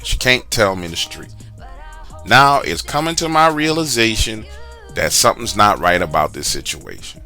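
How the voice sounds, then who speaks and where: A man telling a true story from his own life in a casual, lively way, speaking straight to the listener with slang asides. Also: lowish voice, moderate pace, soft background music. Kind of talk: casual first-person storytelling.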